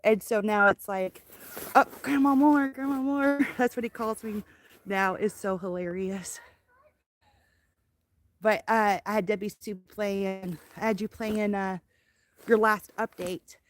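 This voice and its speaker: A woman's voice: mid-range voice, fairly even intonation, takes it slowly, pauses often. An older woman chatting on a live stream outdoors in the snow, doting on her grandchild and laughing often, filmed on a handheld phone. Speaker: livestream host. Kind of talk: casual live stream chat. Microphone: phone camera held by hand.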